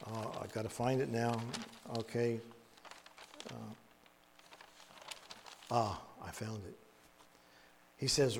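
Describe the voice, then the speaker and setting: A man preaching in a storytelling way, halting and repeating words, with folksy asides. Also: mid-range voice, fairly even intonation, gravelly. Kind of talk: storytelling Bible teaching. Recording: long echoey reverb.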